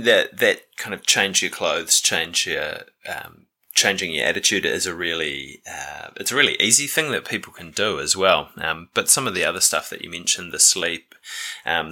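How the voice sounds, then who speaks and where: Very deep, bright-toned male podcast host. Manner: affirming, fills pauses with 'um'. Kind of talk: interview hosting.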